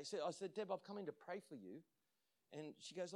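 Male pastor, slightly higher voice, animated storytelling sermon, laughs a lot. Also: brisk. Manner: animated storytelling, acts out quotes, laughs often.

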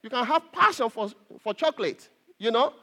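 A pastor preaching an earnest sermon to his congregation, repeating phrases and pausing on fillers. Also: very high-pitched, lively intonation, sharp tone.

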